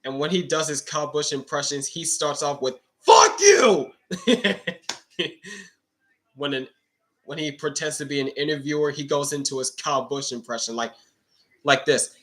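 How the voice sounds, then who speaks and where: Bright-voiced man chatting about races. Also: a little high, level tone, brisk. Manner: rambling, chatty, repeats himself. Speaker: race reaction streamer. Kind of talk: casual live race commentary.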